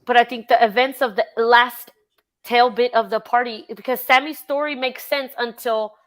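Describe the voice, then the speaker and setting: A woman's voice: a little high, fairly even intonation, normal speed. A woman hosting a casual true-crime livestream, chatting with a guest, reading out chat and swearing freely. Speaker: livestream host.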